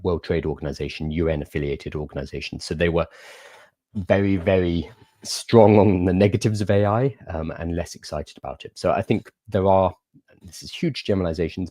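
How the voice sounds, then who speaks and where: A man's voice: deep voice, fairly quick, warm tone, dry recording, studio quality. A young man hosting a livestream, chatting casually and answering viewer questions in an explanatory way. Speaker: livestream host.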